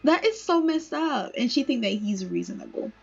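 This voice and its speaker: High, husky woman chatting through gameplay. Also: sing-song, moderate pace, lo-fi sound, faint music behind. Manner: chatty, giggly. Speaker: let's play host. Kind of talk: casual gameplay commentary.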